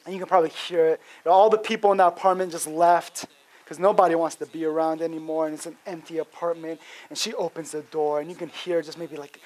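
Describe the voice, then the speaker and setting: A man preaching a sermon, telling the story in a casual, animated way with lots of fillers. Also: a little high, fairly quick. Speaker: pastor.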